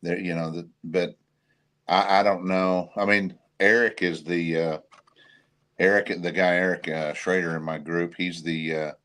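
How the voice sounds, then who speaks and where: Deep-voiced, hesitant male guest. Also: flat delivery, measured pace, fairly bright tone. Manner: hesitant, thoughtful. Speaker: podcast guest, investigator. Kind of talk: casual interview chat.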